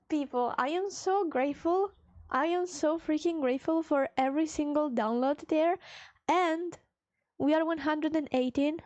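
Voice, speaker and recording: A young woman with a high voice chats casually and playfully with viewers during a live stream. She's recorded close up on a dry mic at home, with no room sound around her. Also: a little mellow, no room sound. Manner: chatty, reads chat aloud, playful.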